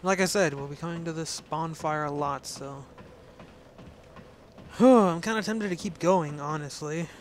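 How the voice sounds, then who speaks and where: A man's voice: fairly high pitch, measured pace, slight background noise. Jittery young man with a sore throat. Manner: jittery, chatty, swears. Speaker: let's play host. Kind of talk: casual gameplay commentary.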